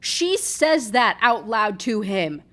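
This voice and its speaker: A woman's voice: on the high side, sing-song, takes it slowly, a bit bright. Chatty woman recapping a book. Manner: chatty, rambling, full of "like"; sarcastic asides. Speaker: book reviewer. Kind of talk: casual book recap chat.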